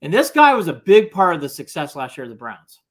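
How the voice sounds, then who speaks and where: A man's voice: fairly high pitch, very animated, brisk. Give me an emphatic male sports co-host. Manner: emphatic, lays out his points. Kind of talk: sports talk.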